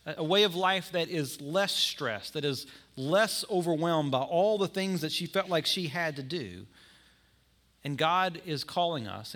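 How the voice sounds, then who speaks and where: A pastor with a slightly high, somewhat bright voice preaches a sermon in a conversational style. Every so often he acts out the people in his story.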